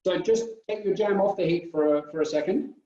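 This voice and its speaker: A chef giving a home cooking demonstration, talking through each step in an instructive way. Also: male voice, sits high, a little fast, mellow. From United Kingdom. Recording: echoey room, distant mic, dull sound.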